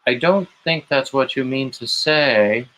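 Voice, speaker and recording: A man's voice: mid-range voice, unhurried, sharp tone, a little hiss or hum, low-quality recording. A man hosting a late-night livestream, rambling on and greeting chat viewers by name with gushing, emotional asides. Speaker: livestream host.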